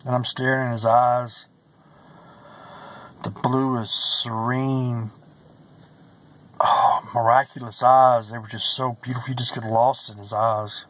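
A man's voice: mid-range voice, little pitch movement, takes it slowly, pauses often, a bit bright, low-quality recording. A man giving a personal religious testimony, earnest and emotional, who repeats phrases and sometimes drops to a whisper.

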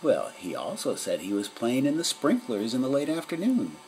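A man's voice: medium pitch, wildly swooping pitch, moderate pace, darkish tone, a little hiss or hum, pitched above the performer's own voice, rough recording. A man voicing a grand, serene female cat detective in a storybook reading, speaking in a stately, self-assured way. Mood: explaining.

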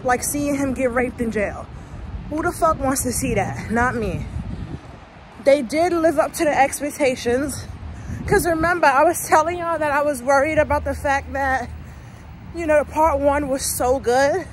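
A woman's voice: high-pitched, a little slow, background noise. A woman vlogger giving a heated, profane, emotional movie rant straight to her viewers, talking casually to a phone camera outdoors.

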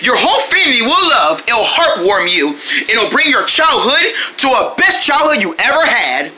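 Excitable woman narrating a homemade trailer. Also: fairly high pitch, moderate pace, breathy edge. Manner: excitable, playful, jumps between shouts and sound effects.

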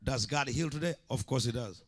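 A man's voice: mid-range voice, brisk. A man preaching a sermon as an evangelist, impassioned, with repeated call-and-response lines.

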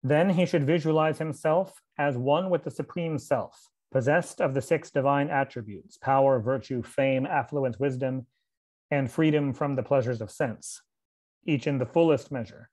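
A man in a middle voice reads an old scripture in translation, carefully and steadily. He breaks off now and then to explain a term in a casual aside before going back to the text. His pitch sits at an ordinary level for a man. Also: a little mellow. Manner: measured reading with asides and occasional fillers. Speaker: reader and teacher of scripture.

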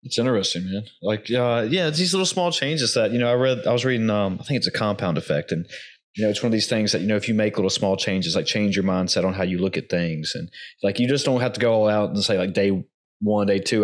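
A man's voice: fairly low pitch, fast talker. A man hosting a podcast, chatting casually and rambling through his points. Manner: rambling, many fillers and restarts. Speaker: podcast host.

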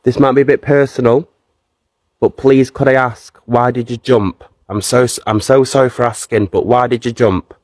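Male ghost-hunt host on a phone livestream, mid-pitched and dry, coaxing with the spirit and casual with viewers. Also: steady tone, normal speed, darkish tone, no echo. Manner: earnest and coaxing toward the spirit, chatty with viewers. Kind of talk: live paranormal investigation, talking to a spirit and viewers. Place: castle grounds. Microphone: handheld phone streaming live.

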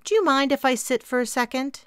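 A woman's voice: sits high, lively intonation, brisk, smooth, dry recording, studio quality, voice pushed up. A woman voicing a confident, poised businesswoman who owns a company, speaking in a gracious, composed way.

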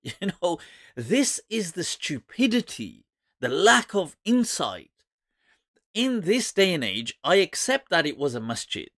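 A man, an Islamic scholar, giving casual commentary to camera in an animated, mocking way, laughing often. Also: sits high, measured pace, dry recording, clean studio sound.

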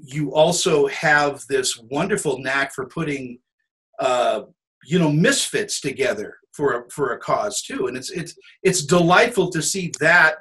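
A man hosting an interview who speaks in a halting way and stammers at the start of his sentences. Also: on the high side, sharp tone, poor audio. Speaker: interview host. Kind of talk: conversational interview.

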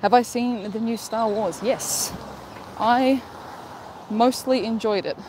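A woman's voice: a little high, slow pace, noisy background. Chatty woman streaming outdoors. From Australia. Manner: chatty, upbeat, reads out viewer comments while walking. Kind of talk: casual live-stream chat. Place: outdoors, walking.

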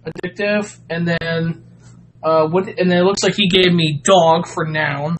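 A man's voice: on the high side, fairly even intonation, measured pace, slight background noise, low-quality recording. A man hosting a casual live stream, chatting with viewers and reading out Mad Libs, giggling and stammering often.

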